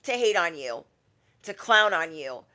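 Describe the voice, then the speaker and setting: A woman's voice: fairly low pitch, big pitch swings, unhurried, pushed and bright. A young adult woman, a tarot reader, talking casually on a livestream and acting out quoted people in shifting voices.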